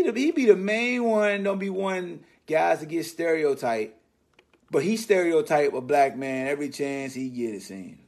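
Animated slangy male podcast host. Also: a little high. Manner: animated, slangy, mocking riffs. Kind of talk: casual sports commentary monologue.

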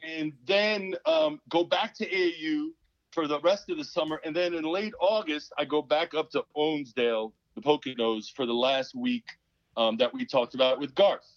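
A man's voice: a little high, moderate pace, dry recording. A man in his fifties, a former pro basketball player, telling a story as a podcast guest and acting out the people in it. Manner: animated, acts out quoted people. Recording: dull, dry sound.

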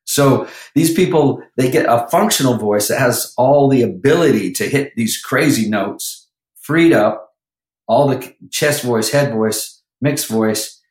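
A man's voice: medium pitch, darkish tone, roomy sound, rough recording. A man who works as a vocal coach, talking animatedly in a podcast interview and breaking into sung lines now and then.

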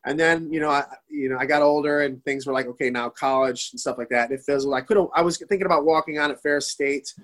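Animated man telling a story. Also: on the high side, fast, hardly any pauses. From Detroit area. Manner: storytelling, animated, swearing, acts out quotes. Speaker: guest, former youth hockey goalie. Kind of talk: casual podcast conversation.

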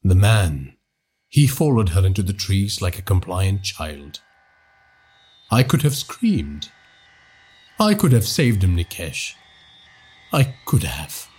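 A man narrating a horror story for a podcast in a hushed, dramatic storytelling manner. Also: low-pitched, very animated, slow, long pauses, breathy edge.

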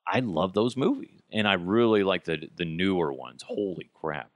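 A man hosts a comedic news podcast in a mocking, profane rant, forever wandering off on tangents. His pitch leaps around wildly as he riffs. The sound is dry and close, with no room around it. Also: expressive, normal speed, dry recording. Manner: tangents and laughter-breaks. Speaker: podcast host.

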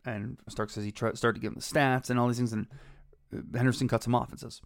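A man in his thirties hosts a podcast and tells baseball anecdotes, clearly enjoying himself as he acts out the quoted lines. His voice sits at an ordinary middle pitch. The recording is dry and close to the mic, with no room sound. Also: fast talker, dry recording. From Cleveland, Ohio. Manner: enthusiastic, quotes players in lively voices. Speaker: podcast host. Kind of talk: casual baseball storytelling.

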